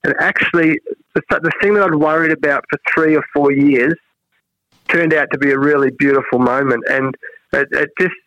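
A man's voice: a little high, moderate pace, no echo, dull audio. An Australian man, a cricket head coach, reflecting earnestly in an interview, often restarting his sentences. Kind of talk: interview conversation.

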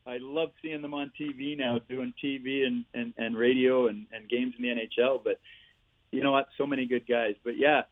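A man's voice: mid-range voice, normal speed, no room sound. Man telling hockey stories over phone. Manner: animated anecdotes with laughs and "eh" tags. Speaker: guest, former player and coach. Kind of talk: storytelling interview. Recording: tinny phone-like line.

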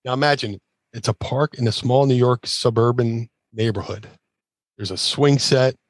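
A man at an ordinary middle pitch spins a loose, rambling anecdote, full of fillers and restarts. He jumps into other people's voices when he quotes them. The sound is dry and close, with no room around it. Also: moderate pace, no echo. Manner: animated storyteller, acts out quotes in shifting voices. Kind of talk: casual anecdote telling.

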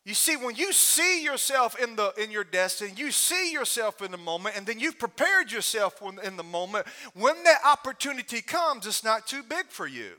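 A man giving a storytelling sermon as a guest preacher, animated and humorous, often breaking into laughter. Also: high-pitched, moderate pace, hardly any pauses.

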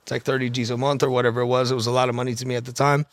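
A man's voice: mid-range voice, level tone, no echo. A man in the middle of his range tells a rambling personal story at speed, swearing freely. The sound is dry and close, with no room around it. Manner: profane, fast-talking anecdote with quoted dialogue. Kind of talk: casual storytelling.

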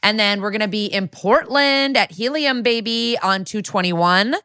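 A woman's voice: medium pitch, moderate pace, bright, forceful tone, dry recording, clean studio sound. A woman in her thirties co-hosting a podcast, chatting casually and recapping with sarcastic asides. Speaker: podcast co-host. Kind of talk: casual chat.

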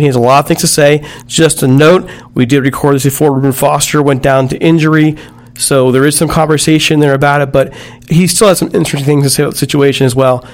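A man hosting a sports podcast, talking briskly and hurrying along. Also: a little high. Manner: brisk, hurried. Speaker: podcast host. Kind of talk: sports podcast talk and ad read.

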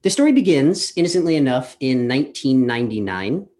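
A man's voice: medium pitch, sing-song, a little fast, a little mellow. A man in his thirties from Colorado, telling a personal story live over a video call from his apartment, chatty and self-deprecating with plenty of fillers. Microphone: webcam on a video call.

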